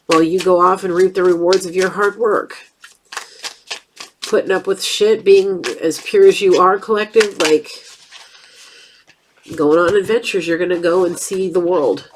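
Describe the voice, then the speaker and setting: Stuffy-nosed lady reading tarot cards, kinda low voice, blunt and chatty, a little hiss behind her. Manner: chatty, blunt, swears casually. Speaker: tarot reader.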